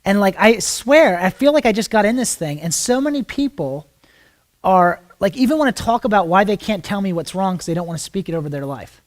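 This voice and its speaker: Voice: medium pitch, lively intonation, brisk. Ministry school teacher, informal class talk; rambling, frank, many rhetorical questions to the room. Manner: frank, blunt asides.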